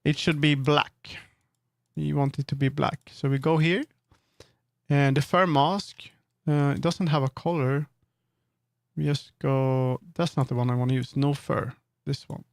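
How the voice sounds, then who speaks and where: Man, slightly high voice, gravelly edge, dry close sound, rambling live-stream chat. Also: steady tone, unhurried, dry recording. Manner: thinking aloud, rambling and self-correcting. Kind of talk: casual live-stream chat while working.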